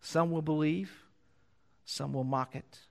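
A man's voice: steady tone, slow pace, vocal fry. Man preaching a sermon. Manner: reads scripture louder and higher, then drops low to explain; repeats phrases for emphasis. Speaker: pastor. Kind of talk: sermon with scripture reading.

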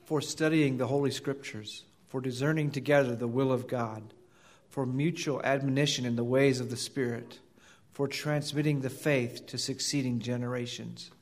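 A man from the congregation reading aloud, even and careful in his delivery. He is heard at a distance from the microphone. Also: mid-range voice, moderate pace. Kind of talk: responsive reading.

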